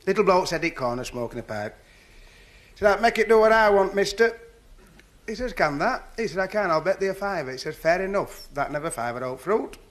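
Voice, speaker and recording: A man's voice: high voice, animated, brisk. A man with a Northern English accent telling stand-up jokes in a chatty, folksy dialect before a live audience. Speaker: stand-up comedian.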